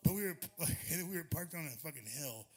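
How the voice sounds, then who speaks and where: A man's voice: a little high, lively intonation, brisk, a little mellow, breathy edge. A man in his forties, a touring musician, telling a rambling, profane story on a club stage into a stage mic, laughing often.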